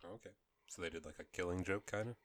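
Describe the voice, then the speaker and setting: Deep-voiced man talking fast. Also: a little hiss or hum. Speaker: podcast co-host. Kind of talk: casual podcast chat.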